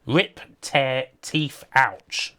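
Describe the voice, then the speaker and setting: A man's voice: medium pitch, extremely slow, bright, forceful tone. A man giving casual, rambling livestream commentary over a game, laughing often and talking to his chat. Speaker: streamer.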